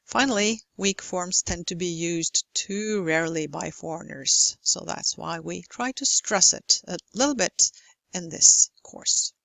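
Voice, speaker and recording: Slow, careful woman teaching pronunciation. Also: on the low side, gravelly, sharp tone, dry recording, rough recording. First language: Norwegian. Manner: slow, careful, deliberate delivery with exaggerated model words. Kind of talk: recorded pronunciation lesson.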